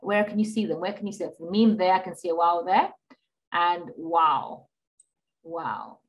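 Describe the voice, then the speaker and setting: Patient woman teaching Qur'an reading. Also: fairly low pitch. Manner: patient, repeats and checks with "okay?"; models Arabic sounds slowly, drawn out. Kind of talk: online class lesson.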